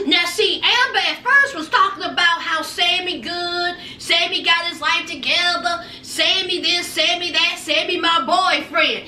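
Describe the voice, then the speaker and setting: Sassy high-voiced woman recapping TV. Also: unhurried, few pauses, recorded from a distance. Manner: sassy, gossipy, animated. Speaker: recap vlogger. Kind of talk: reality TV recap commentary. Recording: echoey room, off-mic, faint noise.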